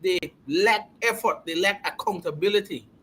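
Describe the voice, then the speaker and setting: A man's voice: high-pitched, normal speed, sharp tone, slight background noise. A man co-hosting a casual football talk show, arguing his point in a heated, emphatic, playfully argumentative way. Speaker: podcast co-host.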